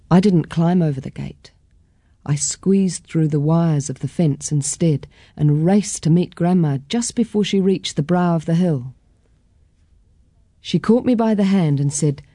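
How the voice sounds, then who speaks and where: A woman reads a children's story aloud, gentle and expressive. Her voice is low and mellow, and she takes her time, in a dry, close recording. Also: measured pace, no room sound. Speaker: storybook reader.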